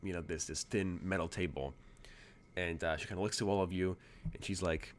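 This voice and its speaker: Deep-voiced man narrating a tabletop game. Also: steady tone, fairly quick. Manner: casual, full of fillers. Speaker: game master.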